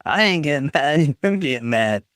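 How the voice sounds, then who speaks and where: A man's voice: on the high side, expressive, normal speed, fairly bright tone, no room sound, clean studio sound. A man chatting on a live stream, reading his chat aloud and trading jokey teasing banter with the viewers. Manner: reads chat messages aloud and reacts.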